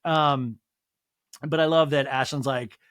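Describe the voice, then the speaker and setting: Man, podcast host, slightly high voice, animated, excitable, quick to laugh, dry close sound. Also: no echo. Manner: jumps into exaggerated voices when quoting people. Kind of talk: casual chat recapping a TV episode.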